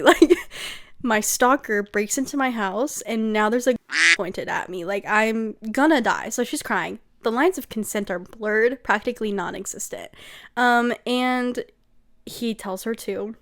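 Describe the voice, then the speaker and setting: A woman recaps a book in a loose, conversational way, her voice sitting a little high. She is sarcastic and chatty, and she keeps breaking into giggles between lines. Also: measured pace, fairly bright tone. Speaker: book reviewer.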